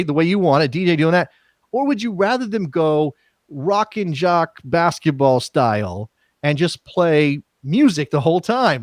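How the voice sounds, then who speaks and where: A man with an American accent co-hosting a casual soccer talk show, jokey and thinking out loud with restarts. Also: fairly high pitch, no room sound. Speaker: co-host.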